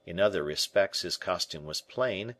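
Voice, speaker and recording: A man with a fairly low voice reads an old adventure novel aloud in measured, expressive narration. The recording is dry and close, with no room sound. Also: dry recording. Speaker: audiobook narrator. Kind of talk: scripted narration.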